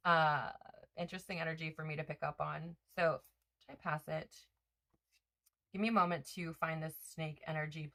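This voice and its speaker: Lady doing a tarot-style reading, lowish voice, rambly, keeps correcting herself. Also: fairly even intonation, normal speed, a bit bright. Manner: rambling, lots of fillers and self-corrections. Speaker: tarot reader. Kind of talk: casual spiritual card reading.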